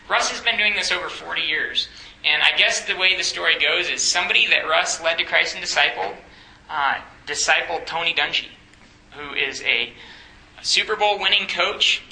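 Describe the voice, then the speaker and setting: A man's voice: sits high, vocal fry, bright, forceful tone, roomy sound, poor audio. A young man on a campus ministry staff, teaching a Bible study in a conversational way, asking the group questions and joking.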